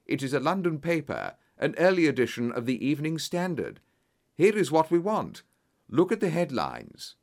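A man voicing a confident, sharp-minded male detective in a storybook reading, brisk and commanding as he explains. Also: fairly high pitch, very animated, voice pushed up. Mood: triumphant.

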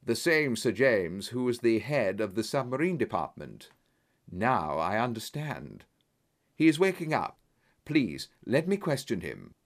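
A man reading a calm commanding detective. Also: medium pitch. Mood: explaining. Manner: measured, firm, accusing.

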